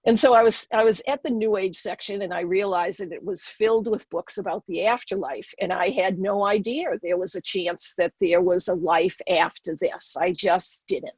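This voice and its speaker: A woman's voice: medium pitch, fairly even intonation, moderate pace, hardly any pauses, darkish tone, slightly rough, dry recording. A middle-aged woman with a Boston accent, telling her personal story earnestly as a podcast guest.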